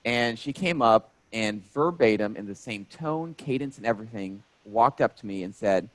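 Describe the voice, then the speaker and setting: A man in his thirties, a stand-up comedian telling stories in a casual interview, animated and jokey. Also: on the low side, moderate pace, hardly any pauses, no echo, poor audio. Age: 30s.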